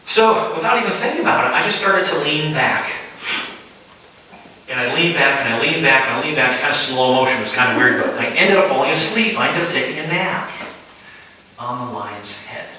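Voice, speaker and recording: Bright-voiced man preaching in an echoey room. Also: mid-range voice, expressive, slight background noise. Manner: vivid first-person storytelling with halting restarts. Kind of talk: conversational sermon storytelling. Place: house church room. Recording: echoey room, distant mic.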